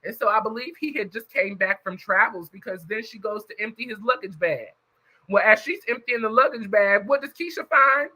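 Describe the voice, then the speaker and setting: High, bright-voiced man recapping a story. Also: moderate pace, low-quality recording. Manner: chatty storyteller, addresses viewers directly. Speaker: YouTube reviewer. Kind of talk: casual plot recap.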